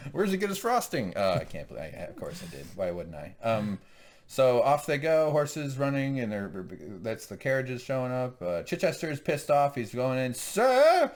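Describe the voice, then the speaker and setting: A man's voice: mid-range voice, sing-song, normal speed, a little mellow. A man co-hosting a casual recap chat, joking, swearing freely and slipping into mock voices. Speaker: podcast co-host.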